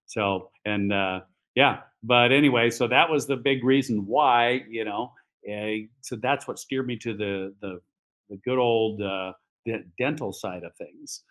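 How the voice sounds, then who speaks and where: A man's voice: mid-range voice, measured pace, a bit bright, poor audio. A man who is an orthopedic surgeon, telling patient stories on a podcast in a rambling way, with many fillers and acted-out dialogue. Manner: acts out quoted dialogue. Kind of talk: casual podcast storytelling.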